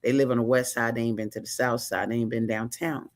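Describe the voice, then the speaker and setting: A woman from Chicago hosting a casual interview show, talking in an excited, playful way full of slang. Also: a bass voice, fast. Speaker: talk show host.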